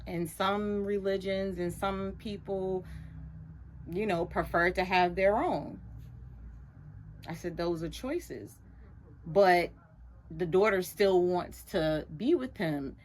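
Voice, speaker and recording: A middle-aged woman, a radio show guest, animatedly retelling a story and acting out other people's lines in a higher voice. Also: slow pace, pauses often, a little hiss or hum. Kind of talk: storytelling in a casual chat.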